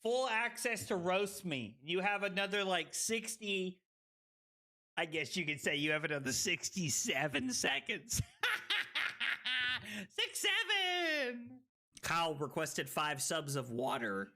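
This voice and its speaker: Male streamer, tipsy and rowdy, lively swooping delivery with a bright edge, shouts often. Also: a little high, unhurried, soft background music. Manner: excitable, shouting, laughing, swearing. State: tipsy from drinking. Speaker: streamer and host. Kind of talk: live-stream card game commentary.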